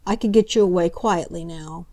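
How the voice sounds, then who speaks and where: A woman voicing a good-natured male police inspector who talks in a chatty, plain-spoken way, often with a lowered voice. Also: normal speed, warm tone, natural voice. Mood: confiding.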